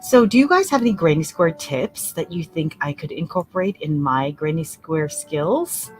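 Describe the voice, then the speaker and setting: A fairly low-pitched woman teaches crochet in a relaxed crochet-along tutorial, chatting with viewers and often laughing. She counts stitches softly aloud, and gentle music plays faintly behind her. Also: normal speed. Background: soft relaxing music.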